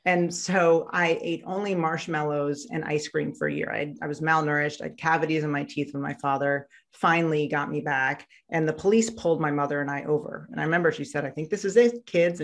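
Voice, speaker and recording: A woman guest on an interview podcast, telling a painful childhood story in a halting, reflective way with many fillers and restarts. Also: low-pitched, fairly even intonation. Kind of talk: candid personal storytelling in an interview.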